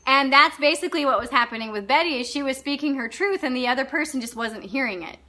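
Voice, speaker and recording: A woman's voice: high voice, quick pace, bright, forceful tone. A woman coaching in a live online class, talking bluntly, swearing freely and laughing often as she answers viewers. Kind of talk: unscripted live-stream talk answering viewer comments.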